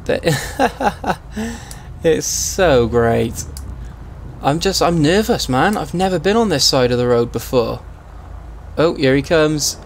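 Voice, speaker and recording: A man with a hoarse, strained voice, chatting casually while streaming a game role-play. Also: on the high side, expressive, measured pace, slight background noise. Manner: chatty, laughs at himself.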